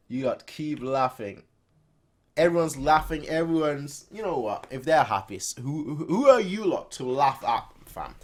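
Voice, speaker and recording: A young man hosts a casual manga read-along and breaks in with chatty, laughing asides. His voice sits a little high for a man and jumps about a lot in pitch. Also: animated, moderate pace. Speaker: reaction video host.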